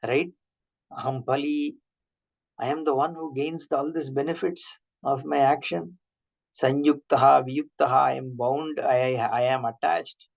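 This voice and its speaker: A mid-pitched man with a gravelly edge teaches an online scripture class. He keeps asking rhetorical questions, draws on everyday examples, and slows down to chant Sanskrit terms. The laptop-mic sound is dull and lo-fi. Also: steady tone. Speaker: Vedanta teacher.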